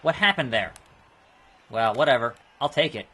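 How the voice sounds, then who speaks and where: A man casually commenting while playing a wrestling video game, chatty and quick to react out loud. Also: medium pitch, sing-song, husky. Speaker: gaming video host. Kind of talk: casual let's play commentary.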